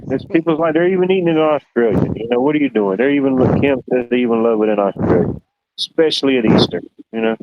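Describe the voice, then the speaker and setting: With a mid-range, expressive voice, a man hosting a livestream talks fast in a casual chat, rambling through laid-back stories full of fillers. The recording is dry, with dull, lo-fi stream audio.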